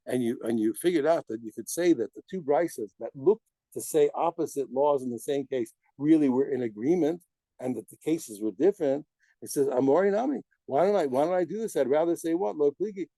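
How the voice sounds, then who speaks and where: Animated man teaching Talmud. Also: mid-range voice, no room sound, poor audio. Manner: animated, asks rhetorical "what?" questions; mixes Aramaic terms into English explanation. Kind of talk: daf yomi Talmud class.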